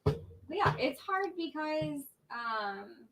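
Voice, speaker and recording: A woman talking casually, off-mic, in a gentle and reasoning way. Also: high-pitched, very animated, slow pace, recorded from a distance, background noise. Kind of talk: casual conversation. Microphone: off-mic, sitting low.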